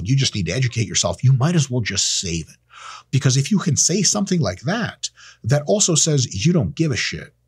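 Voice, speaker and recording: A man in his thirties talks straight into the camera in a loose, profane rant, dripping with sarcasm. His voice is husky and slightly breathy, swinging widely up and down in pitch. The sound is dry and close, with no room around it. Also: darkish tone, no echo. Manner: profane, sarcastic, acts out quoted people in silly voices. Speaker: host. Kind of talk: casual monologue to camera. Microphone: camera mic, close.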